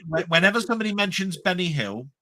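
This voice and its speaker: A man's voice: high-pitched, lively intonation, fast, sharp tone. A man co-hosting a casual livestream chat, telling stories in a rambling, stop-start way with lots of repeated words. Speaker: livestream co-host.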